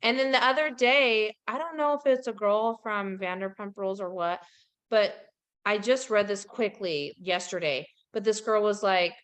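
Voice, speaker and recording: Gossipy woman podcast host, smooth voice. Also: medium pitch, normal speed. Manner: animated gossipy storytelling with giggles. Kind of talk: casual pop culture chat.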